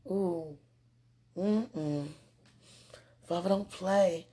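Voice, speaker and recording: A woman with a husky, gravelly voice records a casual spoken message to someone she loves. Her tone is mellow and dark, and her talk wanders affectionately, broken up by frequent laughs. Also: lowish voice, fairly even intonation, normal speed, long pauses. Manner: affectionate, rambling, laughs often.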